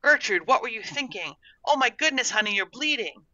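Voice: medium pitch, expressive, measured pace, bright, forceful tone, dry recording, lo-fi sound, exaggerated voice. A narrator doing a kind, easygoing man. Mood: concerned. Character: kind, easygoing adult man, a caring guardian.

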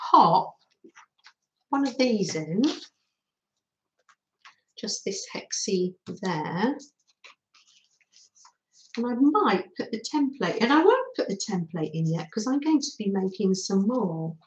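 A woman's voice: medium pitch, echoey room, highs cut off. A middle-aged woman from England hosting a craft livestream, chatting casually and reminiscing with frequent laughs. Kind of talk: casual chat while crafting.

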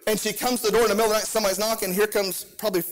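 High-voiced preaching man. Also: level tone, rapid-fire. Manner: impassioned, sing-song preaching cadence with call-outs to the congregation. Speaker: pastor. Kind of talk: sermon.

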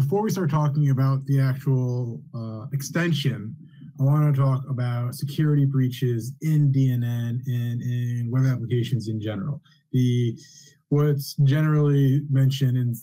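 A young man presenting a technical talk over a video call, speaking in a measured way with frequent fillers. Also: mid-range voice, warm tone, low-quality recording. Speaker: guest speaker.

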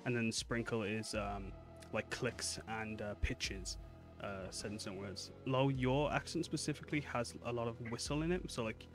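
A man's voice: medium pitch, moderate pace, faint music behind. A man running a tabletop game as game master, who explains at length with many "like"s and laughs easily.

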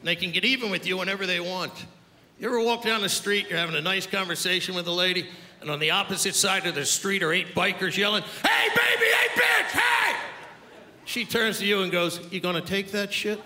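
A man's voice: sits high, fairly even intonation, quick pace. An older male stand-up comedian doing crude, brash crowd work on stage, bantering with the audience. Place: live comedy club stage. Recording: live club recording, roomy with loud crowd noise.

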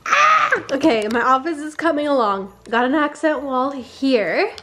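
A woman vlogger giving an excitable, chatty tour of her own home. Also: sits high, normal speed, faint music behind. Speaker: lifestyle vlogger. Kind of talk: casual home tour vlog.

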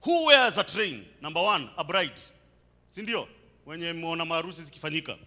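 Young Kenyan male preacher, high and lively, cutting bright tone, big reverberant church hall. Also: brisk. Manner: animated, mixes English with Swahili asides. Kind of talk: sermon.

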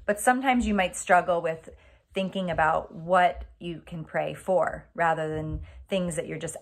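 A woman with a somewhat low voice speaks to her congregation in a friendly video message. She sounds upbeat and chatty, and she encourages families at home as she introduces a lesson on prayer. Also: fairly bright tone. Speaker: church children's ministry leader.

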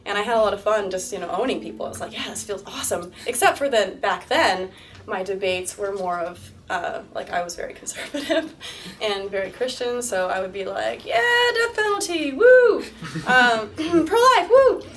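A candid young woman in her twenties telling stories to an audience at a university talk, laughing often and acting out what others said. Her voice sits at a middle pitch. She is picked up from some distance, with a faint hum of the room behind her. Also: a little fast. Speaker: guest speaker. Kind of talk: interview-style talk to a live audience.

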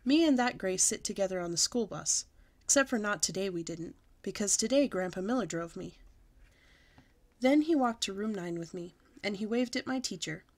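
A woman reads a children's book aloud at storytime in a middle-pitched voice. She tells it in a lively, childlike first person. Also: moderate pace. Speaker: storytime reader.

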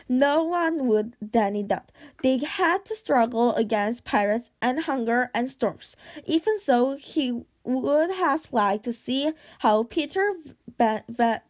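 A woman reading an audiobook aloud at a steady pace, with occasional stumbles and restarts. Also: fairly high pitch. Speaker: audiobook reader.

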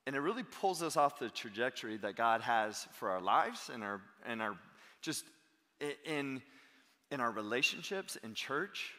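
A man in his thirties, a pastor preaching a sermon in animated storytelling style. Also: medium pitch, long reverb tail. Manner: animated storytelling, acting out quotes. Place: church sanctuary.

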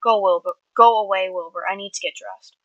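A woman's voice: medium pitch, fairly even intonation, quick pace, bright, forceful tone, no room sound, dull audio. A woman voicing an angry, sullen teenage boy who speaks curtly in a storybook reading. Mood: snappish. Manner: snapping, curt.

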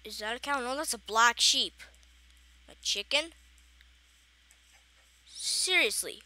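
A woman's voice: a little high, lively intonation, slow, pauses often, sharp tone, no room sound. A woman casually commenting on her own survival game, chatty and playfully exasperated, talking to herself as she plays. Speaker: gaming channel host. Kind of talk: casual Minecraft let's play commentary.

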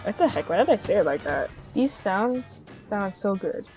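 A young woman playing a video game and reacting out loud, giggling often and shrieking with excitement. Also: medium pitch, moderate pace. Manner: giggly, excitable, squealing exclamations. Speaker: gamer. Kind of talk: casual gameplay commentary. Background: game music.

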